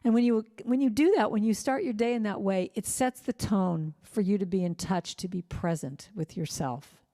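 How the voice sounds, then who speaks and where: Warm, gentle-voiced woman telling heartfelt stories. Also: medium pitch, moderate pace. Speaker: singer-songwriter speaker. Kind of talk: inspirational church talk. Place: church.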